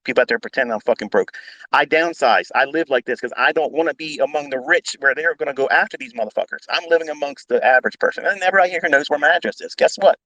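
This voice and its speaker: A man's voice: fairly high pitch, fast, bright, forceful tone, dry recording, low-quality recording. A man teaching trading as a mentor, ranting bluntly with heavy swearing and repetition. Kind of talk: unscripted profane rant.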